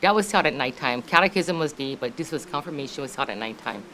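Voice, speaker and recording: A woman's voice: low voice, expressive, fast, sharp tone, a little hiss or hum. Laughing Hawaii-accented older woman storyteller. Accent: Hawaii local English. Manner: chatty, laughs often, acts out relatives' voices. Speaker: family member sharing memories. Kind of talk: casual storytelling. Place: family reunion gathering.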